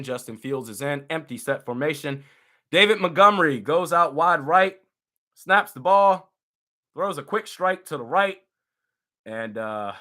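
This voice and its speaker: Young man, live football reaction commentary, exasperated outbursts, desk mic, lively. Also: medium pitch. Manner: animated, exasperated, bursts into loud outbursts. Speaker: fan commentator.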